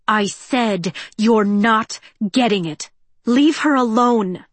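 A defiant teenage girl on the run pleads and protests loudly in an audiobook reading, as a woman puts her on. The voice lifts well above the narration with strained urgency. The recording is dry and close. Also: fairly high pitch, slow, no echo.

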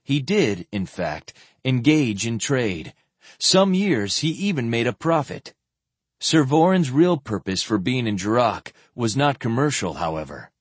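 A man narrating a fantasy novel as an audiobook, with expressive, varied delivery close to the microphone. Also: medium pitch, unhurried, husky, no room sound.

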